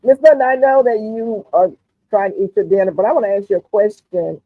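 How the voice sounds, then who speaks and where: A relaxed, chatty woman with a Southern US accent hosts a casual livestream and keeps up an easy stream of talk with plenty of "mm-hmm"s. Her voice comes through thin and phone-like, with a dry sound that has no room echo. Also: mid-range voice, brisk. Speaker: livestream host. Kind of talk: casual chat, reading the live chat aloud.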